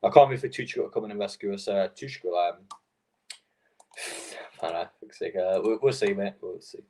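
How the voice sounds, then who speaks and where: A man's voice: fairly low pitch, normal speed, dark tone. A young man hosting a live football stream, rambling and swearing in frustration between fillers. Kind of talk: casual football watchalong chat.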